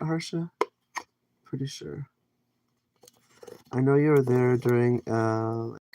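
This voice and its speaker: Cooking at home in his kitchen, a Canadian man chats casually on a live stream, reading viewers' comments and rambling through answers. He has a mid-range, dark voice, and there's a little hiss or hum.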